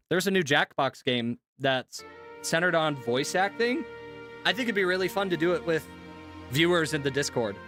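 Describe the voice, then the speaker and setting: A man with a slightly high voice chats loosely with his stream audience, rambling from one thought to the next. Soft guitar music plays faintly behind him. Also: no echo, studio quality. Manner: rambling, easygoing, talks to chat. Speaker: streamer and voice actor. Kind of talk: casual live-stream chat.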